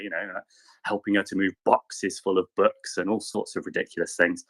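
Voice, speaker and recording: A man in casual chat, telling a rambling anecdote with lively quoted voices. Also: lowish voice, fairly quick. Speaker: panelist.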